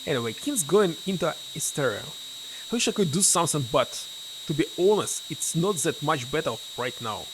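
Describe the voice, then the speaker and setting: A man streaming a game, reading its text aloud and thinking out loud in hesitant English, which is not his first language. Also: fairly high pitch, animated, normal speed, background noise.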